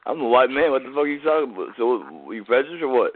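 A man calling into a phone chat line, taunting and coarse in rough banter. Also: mid-range voice, rapid-fire, no room sound. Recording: tinny phone line with hiss.

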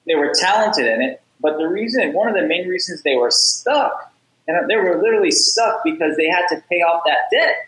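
A man's voice: high voice, animated, normal speed, a bit bright, echoey room, rough recording. A man telling stories as a guest on a casual interview show. He talks with energy and repeats words as he starts sentences. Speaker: podcast guest, startup founder. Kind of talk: casual interview talk, storytelling.

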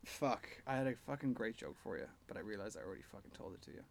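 A man's voice: lowish voice, lively intonation, rapid-fire, vocal fry. A man co-hosting a podcast in casual chat, jokey and sweary, telling rambling jokes, recorded in a garage. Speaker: podcast co-host.

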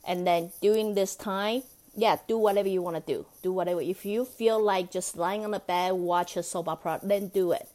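A woman's voice: medium pitch, fairly even intonation, fairly quick, warm tone. A woman hosting a solo self-help podcast, talking in a chatty, coaxing way and often checking in with "right?". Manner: laughs between thoughts. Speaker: podcast host.

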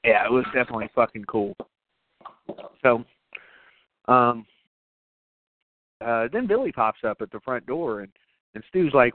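A man's voice: medium pitch, animated, unhurried, pauses often, dry recording. A man co-hosting a podcast, recapping a horror movie in casual, profane chat with lots of fillers and laughs. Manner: profane, rambling, laughs often. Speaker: podcast co-host. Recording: tinny phone-like, dry sound.

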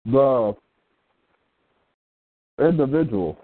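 Man speaking deliberately over a tinny line. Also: mid-range voice, expressive, no echo. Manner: deliberate, measured and emphatic, with restarts. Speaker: radio show co-host. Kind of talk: casual talk on an internet radio show.

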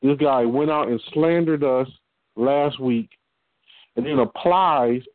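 A man's voice: mid-range voice, slow. A middle-aged man co-hosting a talk show, speaking in an emphatic, lecturing way. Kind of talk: casual talk show discussion. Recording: tinny phone-like line, dry.

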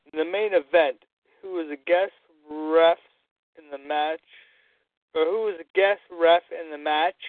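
Man, slow and halting, repeats himself, slightly high voice, dry phone-line sound. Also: no room sound. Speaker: guest asking trivia. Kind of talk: casual podcast chat.

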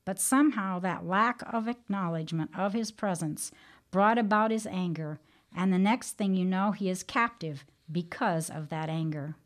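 A woman hosting a Christian teaching program, reading an earnest devotional talk and telling a story in a measured way. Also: fairly low pitch.

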